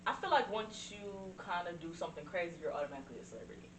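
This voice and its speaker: A woman's voice: on the low side, expressive, racing. A woman co-hosting a podcast, chatting casually, profane and laughing a lot as she tells stories. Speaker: podcast co-host. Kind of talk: casual chat. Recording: echoey room, distant mic, noisy.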